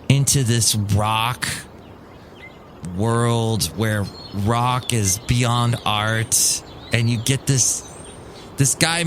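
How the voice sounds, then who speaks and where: A middle-aged man in a mid-range voice talks alone into his mic, wry and grumbling. He mocks other people in put-on voices, and a faint hiss sits under his casual chatter. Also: medium pitch. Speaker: podcast host. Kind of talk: casual solo monologue.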